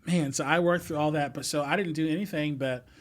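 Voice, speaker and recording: A man's voice: fairly high pitch, steady tone, fairly quick. A man telling stories as a podcast guest, talking casually with lots of fillers and restarts and laughing as he goes. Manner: rambling, many fillers and restarts. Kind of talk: casual storytelling chat.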